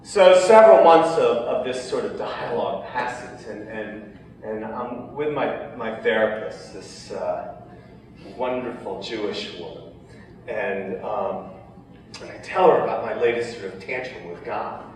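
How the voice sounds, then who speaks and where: A man telling a personal story of grief, halting and emotional, with many restarts. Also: lowish voice, a little hiss or hum. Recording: echoey hall, heard from far off.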